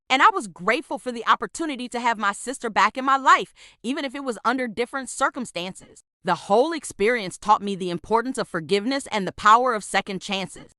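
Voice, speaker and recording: A woman reading a first-person story in an even, steady narration. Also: a little high, no echo, studio quality.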